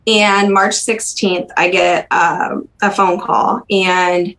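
A young woman speaking as a podcast interview guest, recalling personal memories in a halting, soft-spoken way with frequent pauses and restarts. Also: lowish voice, little pitch movement, low-quality recording. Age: young adult.

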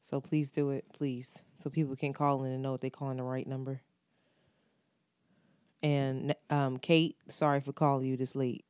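A woman's voice: very deep voice, level tone, moderate pace, a little mellow, clean tone. A woman co-hosting a podcast, talking in a frank, joking and profane way in casual chat. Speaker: podcast co-host.

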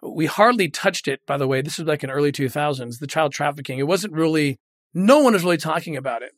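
Middle-aged man, ex-agent interview guest, earnest and emotional, slightly high voice, dry close mic. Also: lively intonation, quick pace, dry recording. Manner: earnest, emotional, retells quoted dialogue. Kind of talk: candid interview storytelling.

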